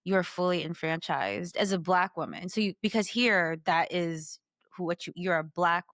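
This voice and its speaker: A woman's voice: lowish voice, animated, normal speed, fairly bright tone, no room sound, studio quality. A woman co-hosting a podcast, shifting from heartfelt reflection to playful teasing, laughing often. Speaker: podcast co-host. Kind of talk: casual chat.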